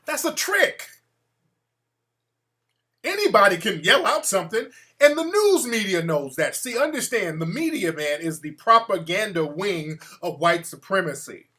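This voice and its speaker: A man's voice: high-pitched, very animated, normal speed, few pauses, sharp tone. A man hosting his own show, talking straight to his audience in an emphatic, profane commentary monologue. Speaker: show host. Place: home room with a fan.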